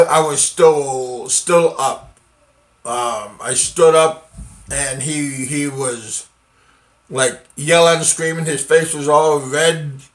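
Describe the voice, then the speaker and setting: Slow, halting man telling a story. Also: a little high, a bit bright. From United States. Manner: halting, many fillers and restarts, occasional laughs. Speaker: vlogger telling a personal story. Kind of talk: casual first-person storytelling.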